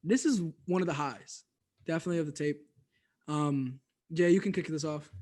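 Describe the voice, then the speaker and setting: A man's voice: fairly high pitch, moderate pace, darkish tone. A man co-hosting a podcast, reviewing music in loose, laughing casual chat full of fillers. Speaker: podcast co-host.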